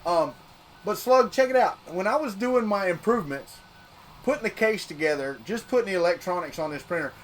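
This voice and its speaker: A man's voice: sits high, expressive, brisk, slight background noise. A man from Florida with a Southern accent, chatting casually on a 3D printing livestream and repeating himself as he works. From Florida, United States. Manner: rambling, repeats words while working. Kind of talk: casual live-stream chat.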